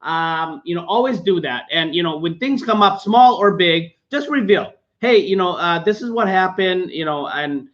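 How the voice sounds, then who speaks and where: Earnest high-voiced man giving advice. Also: animated, normal speed, few pauses, a bit bright. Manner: earnest, repetitive, coaching tone. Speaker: relationship podcast co-host. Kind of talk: casual advice talk. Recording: dull lo-fi sound.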